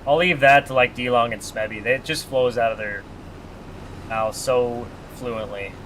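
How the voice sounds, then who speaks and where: Bright-voiced chatty male game streamer. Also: medium pitch, fairly even intonation, measured pace, slight background noise. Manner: chatty, joking, reads chat aloud. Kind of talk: casual live-stream chat.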